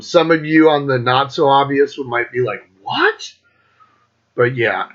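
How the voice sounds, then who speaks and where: A man's voice: mid-range voice, fairly bright tone. A man hosting his own metal music channel, giving his opinions in a rambling, profane casual monologue and laughing often. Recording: dull lo-fi audio.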